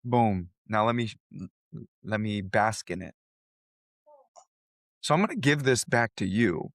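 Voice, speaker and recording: A man co-hosting a podcast draws on his coaching work, speaking earnestly and with conviction. His voice sits a little low and sounds close and dry. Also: animated, a little slow, no room sound. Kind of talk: casual chat.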